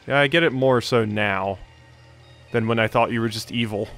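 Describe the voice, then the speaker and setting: A man's voice: medium pitch, moderate pace, fairly bright tone, soft background music. A man hosting a video game let's play, giving casual, rambling commentary between the game's dialogue. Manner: chatty, rambling asides with laughs.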